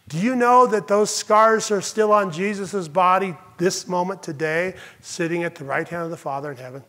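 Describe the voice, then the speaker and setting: Emphatic high-voiced male pastor. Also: fairly even intonation, fairly bright tone. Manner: emphatic, slows down to stress lists of phrases. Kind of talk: sermon. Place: church sanctuary with congregation.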